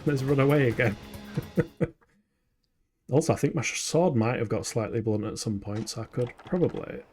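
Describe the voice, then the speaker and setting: A man's voice: medium pitch, moderate pace, a little mellow, faint music behind. Yorkshire guy doing live game commentary, chatty n jokey, answers chat, swears when the monster jumps him. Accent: Yorkshire English. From England. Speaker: gaming streamer. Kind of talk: live let's-play commentary.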